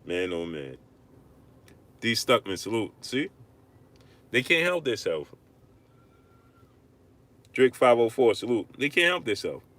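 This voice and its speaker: A man hosting a live-stream boxing rant, arguing hard, repeating himself and shouting out viewers. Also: medium pitch, takes it slowly, pauses often. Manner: animated, repetitive, argumentative, shouting out viewers. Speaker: livestream host.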